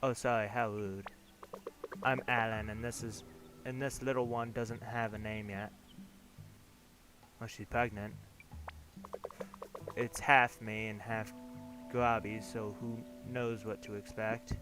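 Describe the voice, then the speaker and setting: A man's voice: lowish voice, flat delivery, slow, pauses often. A man voicing a cheerful, chatty pregnant woman in a video game, with game music behind. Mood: welcoming. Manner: warm, chatty, welcoming.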